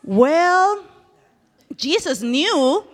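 High, lively woman telling children a Bible story. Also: extremely slow, long reverb tail. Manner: animated, asks children questions. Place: church.

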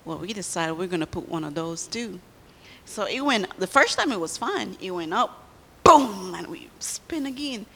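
A woman's voice: mid-range voice, expressive, normal speed, bright, forceful tone, husky, in a large hall. A woman giving a children's sermon in church, telling a story and quizzing the kids as she goes.

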